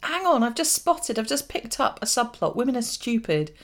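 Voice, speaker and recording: A woman co-hosting a casual podcast, her voice pitched a touch high and swinging widely up and down. She jokes freely and laughs often as she reviews a cartoon with her friend. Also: big pitch swings. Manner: jokey, quick to laugh, breaks into silly voices and sing-song riffs. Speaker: podcast co-host.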